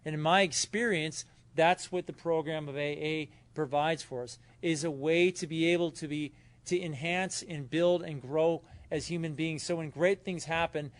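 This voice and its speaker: Speaking in a hotel conference room at a recovery convention, this Southern Californian man shares personal stories in a relaxed way. He acts out quoted dialogue and leans on fillers, his slightly high voice keeping a fairly even intonation at a moderate pace.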